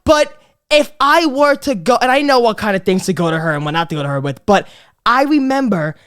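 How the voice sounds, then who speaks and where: A man in his twenties hosting a casual comedy podcast, talking in an animated, sweary way and acting out his family. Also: high voice, a little fast, clear, resonant tone. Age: 20s. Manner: animated, swearing, acts out his parents in loud exaggerated voices.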